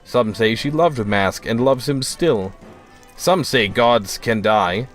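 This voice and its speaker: A man voicing a philosophical male monk in a game, musing on gods in a slow, measured manner. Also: mid-range voice, lively intonation, faint music behind.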